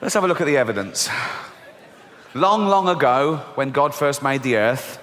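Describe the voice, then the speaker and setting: Here a middle-aged man from England delivers a stand-up comedy set on a big theatre stage, bluntly storytelling, cursing frequently, and using squeaky high voices when playing children. He keeps a moderate pace, with slight background noise and the long reverb of a live hall recording.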